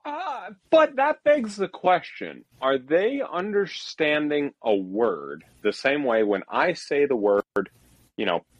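A man's voice: fairly high pitch, very animated, takes it slowly, dry recording, dull audio. A man co-hosting a podcast in casual, jokey, rambling chat. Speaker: podcast co-host.

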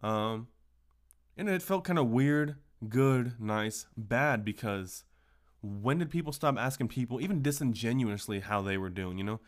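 A man's voice: mid-range voice, lively intonation, measured pace. A man hosting a casual solo podcast, telling stories in a profane, ranting way. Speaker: podcast host.

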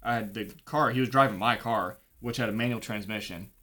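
A man's voice: fairly low pitch, fairly quick, sharp tone, a little hiss or hum. Young man, casual storyteller, profane and laid-back. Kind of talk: casual anecdote.

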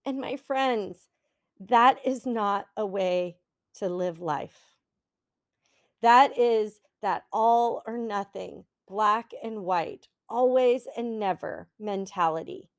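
Slow, earnest woman podcast host. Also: medium pitch, no room sound, clean studio sound. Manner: earnest, encouraging, slow and heartfelt. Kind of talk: reflective solo podcast talk.

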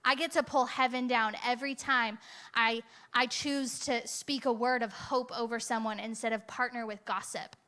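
Bright-voiced woman preaching a sermon. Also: a little high, fairly even intonation, normal speed. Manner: conversational and emphatic, with rhetorical "right?" asides.

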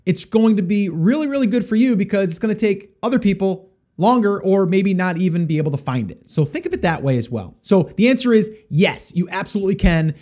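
High-voiced rambling male podcast host. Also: animated, a little fast, warm tone. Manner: rambling, with frequent fillers and restarts. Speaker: podcast host answering listener questions. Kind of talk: casual solo podcast advice.

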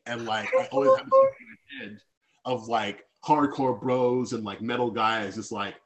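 A man's voice: medium pitch, huge pitch swings, normal speed, fairly bright tone. A man as a podcast guest, speaking candidly and reflectively about personal feelings, with many fillers and restarts.

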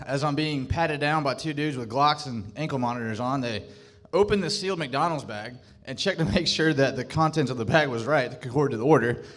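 A man's voice: on the high side, a bit bright. A man doing a stand-up set on a club stage, hesitant, full of stammered restarts. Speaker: stand-up comedian.

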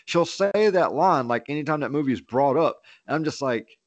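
A man's voice: fairly high pitch, animated, normal speed, no room sound. A man on a casual podcast chat, talking bluntly and swearing freely. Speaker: podcast co-host. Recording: dull lo-fi dry mic.

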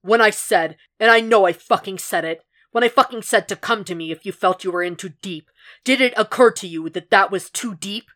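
A woman voicing a furious, profane middle-aged male FBI boss who shouts and snarls in a podfic reading. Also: sits low, normal speed.

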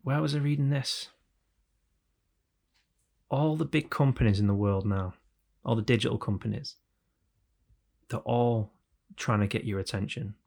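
Casting: podcast host, gravelly, loose and chatty, mid pitch. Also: male voice, measured pace, long pauses, a little mellow. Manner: chatty, swears, mimics announcer voices. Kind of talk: casual podcast chat.

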